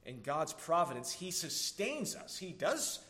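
A man preaching an earnest sermon as a pastor, slowing down to stress key words. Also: a little high, sing-song, bright, forceful tone. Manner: earnest preaching, slows down for emphasis.

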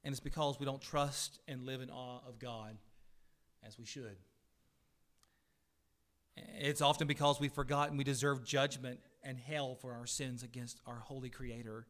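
A middle-aged man, a pastor, preaching a sermon to his church with earnest swells in pitch and volume and the odd dry aside. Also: level tone, normal speed, fairly bright tone. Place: church sanctuary.

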